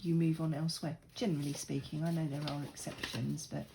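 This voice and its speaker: A middle-aged crafting vlogger, chatty and self-mocking, rambles somewhat as she works on her project. Her voice is low, warm and creaky, level in tone and fairly quick. The audio is poor, with slight background noise.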